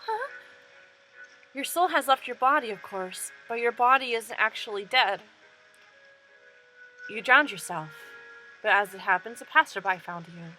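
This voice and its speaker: A calm, solemn mirror-world spirit in a game, voiced by a woman reading the text aloud. She speaks in a bright, fairly high voice and explains things in a measured way. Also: poor audio.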